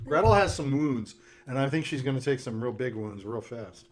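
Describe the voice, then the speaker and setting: A game master running a tabletop game, giving quick, loose and playful rulings. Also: medium pitch, animated.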